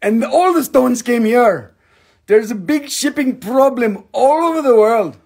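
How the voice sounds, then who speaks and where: A man rambles playfully through a casual live stream from home, cracking jokes as he goes. His voice sits high and carries a gravelly, husky edge, and he takes his time, speaking slowly. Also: expressive, a little mellow. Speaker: live-stream host selling stones.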